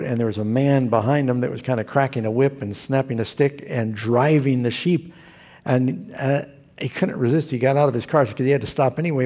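A male pastor delivers a storytelling sermon in a gravelly, slightly husky voice. His talk is folksy, and he slips into quoted characters as he goes. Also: medium pitch, darkish tone.

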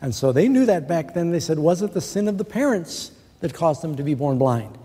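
A man's voice: on the high side, expressive, dark tone, breathy edge. Preaching man in an echoing hall. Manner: earnest preaching, rhetorical questions, slows to quote scripture. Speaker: pastor. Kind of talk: sermon. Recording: long reverb of a large hall.

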